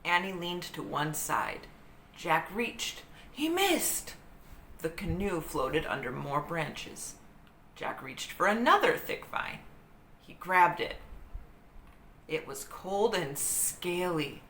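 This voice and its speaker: A woman reading a children's book aloud in an expressive, dramatic storytelling manner. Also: low voice, slow. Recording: roomy echo with faint hiss.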